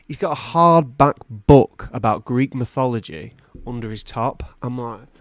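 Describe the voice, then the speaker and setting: A man's voice: measured pace, no room sound. A man co-hosting a podcast, telling an improvised comic story and acting out the characters in it. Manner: animated, acts out characters with big jumps in pitch. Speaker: podcast co-host.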